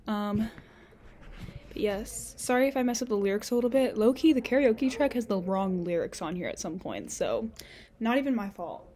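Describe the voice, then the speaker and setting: A woman's voice: medium pitch, mellow. A young woman, a college student, chatting casually to camera from her dorm room, out of breath and rambling with lots of filler words. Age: young adult.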